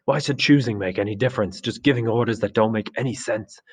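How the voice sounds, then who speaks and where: A man's voice: lowish voice, fast talker, slightly rough, recorded from a distance, pitched above the performer's own voice. A man reading aloud, voicing an aggressive, defiant schoolboy who leads the hunters. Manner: shouting, taunting.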